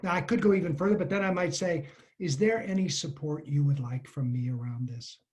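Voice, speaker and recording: A woman coach hosting a webinar on a video call, calm and validating, with a gently playful touch. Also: low voice, a little fast.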